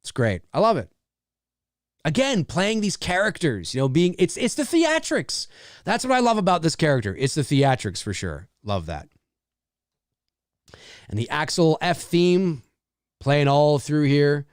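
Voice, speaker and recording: A man's voice: fairly high pitch, big pitch swings, a little slow, long pauses, clear, resonant tone, no room sound, clean studio sound. A middle-aged man hosting a casual live movie commentary, chatty and laughing often as he talks over the film.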